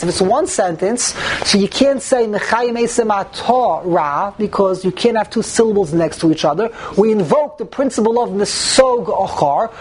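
A woman's voice: medium pitch, darkish tone, a little hiss or hum, poor audio. A woman teaching a religious text class, explaining step by step and asking herself rhetorical questions.

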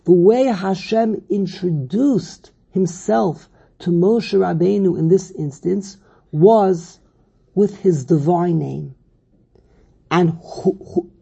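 A man's voice: sits high, creaky, warm tone, husky, highs cut off. A man giving a Torah lesson on a verse, who repeats phrases and restarts often as he explains. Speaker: Torah teacher. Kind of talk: text study lecture.

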